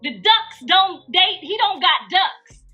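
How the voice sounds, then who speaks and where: A woman's voice: very high-pitched, animated, slow pace, lo-fi sound, loud music behind the voice. A woman hosting a live gossip stream, preaching emphatically and calling out to her listeners. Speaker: gossip channel host.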